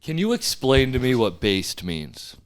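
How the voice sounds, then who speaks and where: A male podcast host in loose, casual chat. His pitch swings widely as he laughs and jokes about himself. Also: wildly swooping pitch, a little slow, clean tone. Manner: laughing, self-deprecating.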